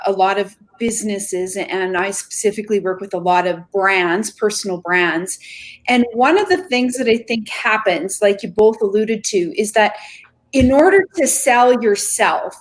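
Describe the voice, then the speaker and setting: A woman hosting a podcast, asking guests questions in an earnest, reflective way with frequent "I mean" fillers. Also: mid-range voice. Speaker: podcast host. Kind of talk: interview questions.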